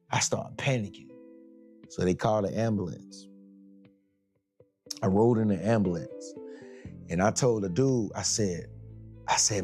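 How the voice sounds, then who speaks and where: A man's voice: fairly low pitch, a little slow, creaky, pauses often, darkish tone, soft background music. A man preaching in a conversational, colloquial way, telling dramatic stories and acting out every scene. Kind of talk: sermon storytelling.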